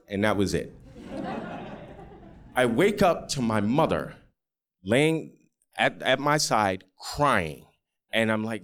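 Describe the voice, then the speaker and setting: A man's voice: fairly low pitch, measured pace, clear, resonant tone. A man telling a personal story in the first person, acting out the people he quotes. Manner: animated, acts out quoted voices.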